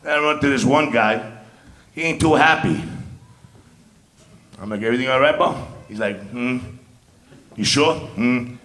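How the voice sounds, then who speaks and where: Onstage at a comedy club, a New York-accented comic does a brash, streetwise stand-up set, punctuating his punchy lines with frequent "man." He speaks at a medium pitch and moderate pace, pausing often, while loud laughter echoes through the room.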